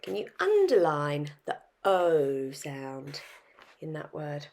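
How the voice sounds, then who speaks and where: A woman's voice: sits low, sing-song, a little slow, a little mellow. A woman teaching a phonics lesson to young children, sounding out words and asking questions. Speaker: primary school teacher.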